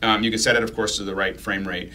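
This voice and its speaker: A man with a lowish, bright voice talks fast through a casual tech chat. He rambles and restarts his sentences, stacking up fillers as he explains. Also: fairly even intonation. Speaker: co-host.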